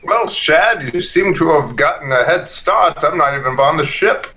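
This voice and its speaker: A man's voice: a little high, expressive, moderate pace, bright, forceful tone, a little hiss or hum. A man playing a formal, courteous doctor in his thirties who speaks with polite hesitation.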